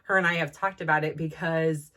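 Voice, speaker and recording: A woman's voice: deep voice, steady tone, sharp tone. Chatty Californian Valley-girl woman. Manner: chatty, peppered with "like", quick laughs. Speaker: podcast host. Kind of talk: casual storytelling monologue.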